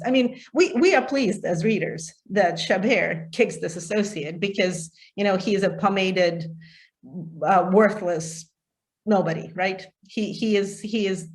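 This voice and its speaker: A woman leading a community reading discussion, talking about a novel with passion and frequent laughter. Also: fairly low pitch. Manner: passionate, laughs often, many fillers. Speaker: community reading project leader. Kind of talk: casual book discussion.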